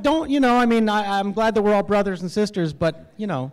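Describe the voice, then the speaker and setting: A man from the United States performing an animated, self-deprecating stand-up set at an awards event, with halting fillers. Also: high-pitched, clear, resonant tone. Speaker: stand-up comedian. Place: event hall with audience laughter.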